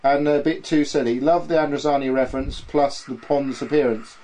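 A man's voice: medium pitch, fairly even intonation, brisk, a crowd in the background, poor audio. A man hosting a casual podcast, reading out listener comments in a playful way, often laughing and tripping over names. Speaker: podcast host.

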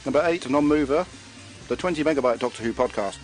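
Male podcast host, jokey, laughs a lot, trips over words; mid-pitched, faint music behind. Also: fast, rough recording. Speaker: podcast host reading the chart. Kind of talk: casual podcast chat.

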